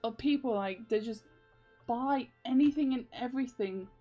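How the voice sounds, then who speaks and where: A woman's voice: fairly high pitch, moderate pace, mellow, lo-fi sound, soft background music. A young woman in casual livestream chat, rambling with many fillers and laughing often as she works on her comics. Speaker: comic artist streaming.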